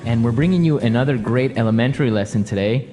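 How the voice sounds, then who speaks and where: A man co-hosting a scripted English lesson podcast, relaxed and explanatory. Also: medium pitch, fast talker, big-room sound, faint music behind. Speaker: podcast co-host.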